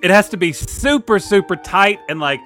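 A man's voice: sits high, expressive, normal speed, fairly bright tone, soft background music. A man telling a story animatedly, imitating trumpet sounds in comedy banter.

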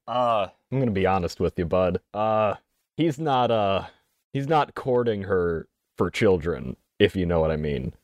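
A man's voice: low-pitched, expressive, a little slow, no room sound. A man playing a tabletop game, rambling and joking with frequent laughter. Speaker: player. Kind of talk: casual tabletop banter.

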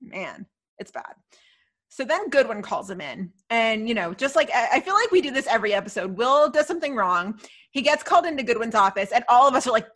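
A woman's voice: a little high, moderate pace. A woman chatting casually as a podcast co-host, recapping a TV episode and acting out the characters' lines. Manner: animated, acts out characters' lines.

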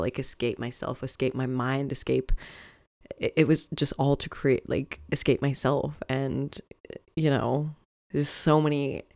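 A man's voice: medium pitch, gravelly, darkish tone, no room sound, studio quality. A man hosting a solo podcast, talking reflectively and candidly in a casual way, swearing often and leaning on fillers. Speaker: podcast host and coach.

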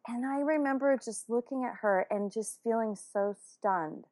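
A woman telling a personal story in a casual, animated way, with many fillers and restarts. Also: fairly high pitch, moderate pace.

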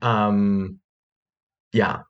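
A man's voice: lowish voice, level tone, very slow, clean tone, highs cut off. A man describing his tabletop game character, hesitant and full of fillers, often fighting back laughter. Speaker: player.

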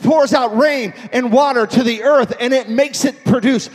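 A man preaching a sermon as pastor, swinging from quiet teaching to shouted, half-sung calls. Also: very high-pitched, normal speed, few pauses. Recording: music with long hall reverb.

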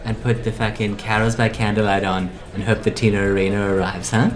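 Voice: low voice, flat delivery, a little fast, a crowd in the background, voice pushed down, natural voice. A performer playing an eccentric, scheming party planner who rambles grandly, in an improvised comedy audio play.

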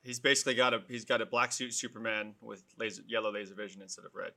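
A man chats casually in a bright, forceful voice. He speaks bluntly and stays relaxed, with the odd casual swear. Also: lowish voice, quick pace. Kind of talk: casual chat.

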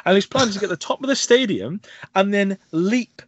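A man's voice: high voice, fairly quick, no room sound. A man hosting a podcast, animatedly retelling film scenes in casual chat and acting out the lines. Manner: animated storytelling, acts out quoted lines, laughs often. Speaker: podcast host reviewing films. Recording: dry, slightly dull podcast audio.

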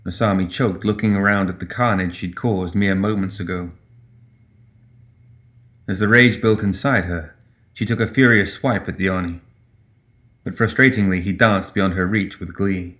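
A man giving steady, measured scripted narration of a dark fantasy story. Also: sits low.

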